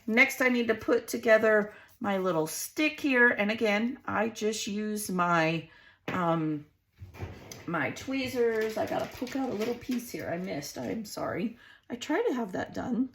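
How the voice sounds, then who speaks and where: A chatty woman in her forties walks viewers through a craft project, a little hoarse. Her voice is bright and forward despite the roughness. She talks straight to the camera, easy and friendly. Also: mid-range voice, expressive, unhurried, a little hiss or hum. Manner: chatty, laughs often, talks to viewers as "you guys". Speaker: crafting channel host. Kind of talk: casual craft tutorial.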